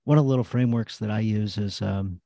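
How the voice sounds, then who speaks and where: A man's voice: lowish voice, fast talker, vocal fry, warm tone, no room sound. A man in casual podcast conversation, telling stories and acting out his own prayers and dialogue.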